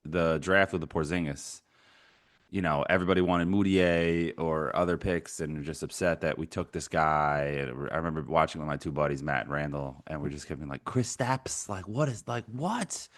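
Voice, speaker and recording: Very deep-voiced man telling sports stories. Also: a little fast. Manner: animated storyteller, laughs often. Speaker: podcast co-host. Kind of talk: sports talk podcast.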